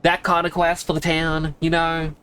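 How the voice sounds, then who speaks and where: A man's voice: a little high, completely flat delivery, moderate pace, sharp tone, slight background noise. A man streaming a game, chatting casually in a rambling, self-amused way. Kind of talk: casual chat while gaming.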